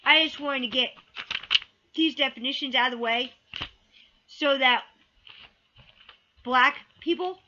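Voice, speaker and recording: A woman's voice: sits high, sharp tone, dull audio. A woman giving a heated opinion rant to camera. She repeats key words for emphasis and sometimes swears. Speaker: vlogger.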